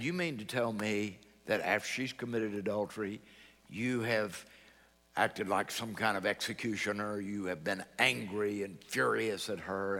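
A man delivers a sermon in a church, his fairly low voice carrying a bright, forceful edge. He tells a story and quotes the back-and-forth of a conversation. His words trail off into a long hall reverb. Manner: storytelling, quoting both sides of a conversation. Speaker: pastor.

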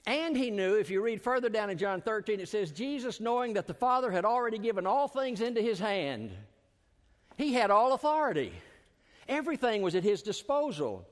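A man preaching a sermon as a pastor, swinging his voice up for emphasis and dropping it low and slow at the ends of phrases. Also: big pitch swings. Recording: long hall reverb.

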